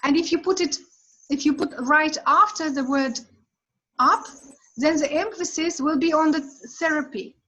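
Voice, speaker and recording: A woman's voice: high voice, normal speed, fairly bright tone, low-quality recording. A woman English teacher explaining grammar in an online lesson, often checking understanding with short questions.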